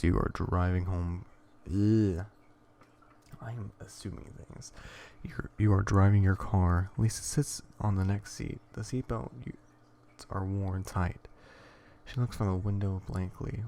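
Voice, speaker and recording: A man reading an interactive horror story aloud in a hushed, would-be ASMR tone, stumbling over words and stopping to joke. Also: low-pitched, creaky, a little hiss or hum. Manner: rambling, stumbles and self-corrects, jokes between lines. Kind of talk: casual reading with asides.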